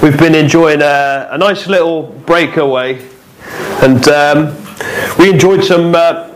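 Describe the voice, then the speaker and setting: A man's voice: a little high, slow, slight background noise. A man, a guest preacher giving an informal sermon with chatty jokes and frequent fillers in a church hall.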